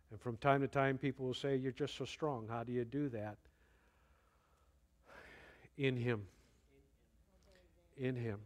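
A man preaching a sermon, slow and deliberate, rising now and then to emphatic bursts. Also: mid-range voice. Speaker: pastor.

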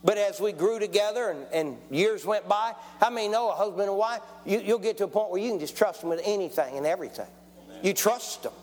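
A man preaches a testimony sermon in a folksy storytelling style, calling out for amens. His high voice is a little mellow, carried by the long reverb of a church hall.

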